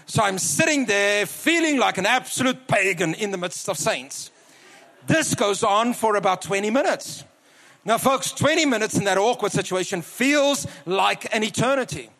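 Preacher, male, high voice, earnest storyteller, slows for emphasis; live hall reverb. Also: creaky, pushed and bright. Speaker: guest preacher. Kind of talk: sermon with personal story. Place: large church hall.

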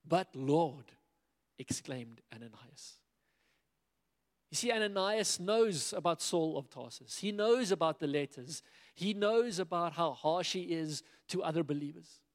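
Animated male preacher in a reverberant hall. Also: on the high side, unhurried. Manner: animated, acts out biblical dialogue in quoted voices. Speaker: pastor. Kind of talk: sermon.

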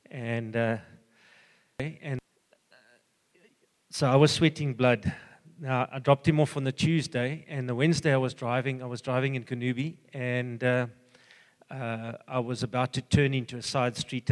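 An older man giving an earnest, halting personal testimony full of fillers and restarts. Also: medium pitch, long reverb tail. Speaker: church member giving a testimony.

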